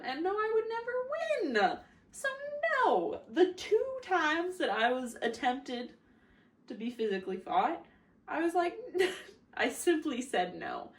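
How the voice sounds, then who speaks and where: A drunk young woman from the United States chatting casually in a vlog, rambling, swearing and laughing at herself. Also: fairly high pitch. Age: young adult. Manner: rambling, laughing, crude and self-mocking. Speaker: vlogger.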